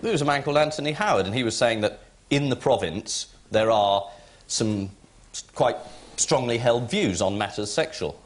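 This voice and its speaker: A man, a panel-show captain, giving satirical commentary in a wry, measured way. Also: mid-range voice. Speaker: team captain.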